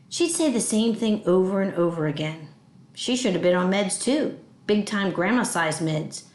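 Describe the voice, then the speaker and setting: A woman reading a children's novel aloud with expressive storytelling. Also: mid-range voice, moderate pace, reverberant. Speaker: audiobook reader.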